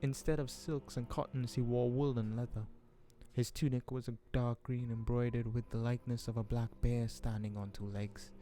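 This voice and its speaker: A man reading a fantasy novel aloud in a relaxed, casual way, stumbling over words now and then. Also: medium pitch, normal speed, faint music behind. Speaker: audiobook reader. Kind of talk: casual audiobook reading with asides.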